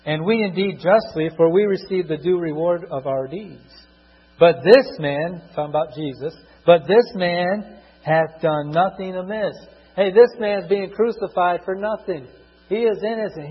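Husky preacher man in echoing hall. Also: sits high. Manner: preaching with bursts of emphasis, drawn-out reading of scripture. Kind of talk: sermon. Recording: dull lo-fi recording in a reverberant hall with mains hum.

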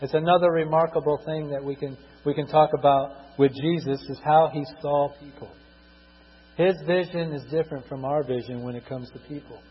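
A middle-aged man preaching a sermon, husky, swinging between loud emphatic bursts and quiet asides, drawing out scripture verses slowly. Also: a little high, fairly even intonation. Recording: dull lo-fi recording in a reverberant hall with mains hum.

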